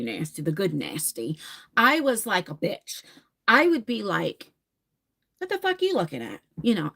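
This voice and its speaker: A woman in her forties chatting candidly with viewers, laughing often and rushing through some phrases. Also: medium pitch, fairly bright tone. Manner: chatty and candid, laughing, bursts of fast talk. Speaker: vlogger answering viewer questions. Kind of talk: casual chat.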